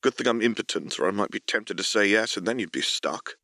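A man voicing a dry-humored young man in an audiobook, soft-spoken and wry. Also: fairly low pitch, lively intonation, a little fast, no room sound, exaggerated voice. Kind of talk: audiobook character reading.

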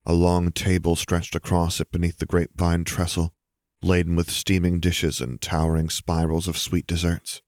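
A man narrating fan fiction as an audiobook in a steady, measured storytelling manner. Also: low voice, no echo, studio quality.

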